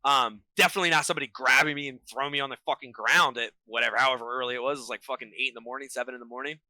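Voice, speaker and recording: Excitable, bright-voiced man telling stories. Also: mid-range voice, very fast, poor audio. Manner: profane, excitable, slangy storyteller. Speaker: podcast guest, vocalist. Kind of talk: casual storytelling chat.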